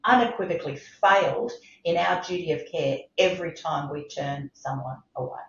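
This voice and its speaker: A woman's voice: sits low, moderate pace. Impassioned woman, roomy sound. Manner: impassioned, emphatic, repeats for stress. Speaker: medical director, interview guest. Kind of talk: podcast interview. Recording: roomy, slightly dull sound.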